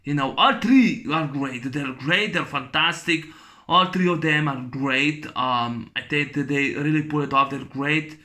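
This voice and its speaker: A man's voice: on the high side, unhurried, pushed and bright. A man reviewing a film in a rambling, enthusiastic way, with lots of fillers and restarts. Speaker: movie reviewer. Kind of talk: casual spoken film review.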